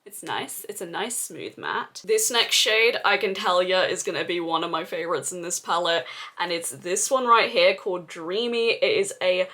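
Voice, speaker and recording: A woman's voice: fairly low pitch, normal speed, bright, forceful tone. A young woman doing a casual makeup review, gushing and exclaiming with casual swearing. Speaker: beauty vlogger.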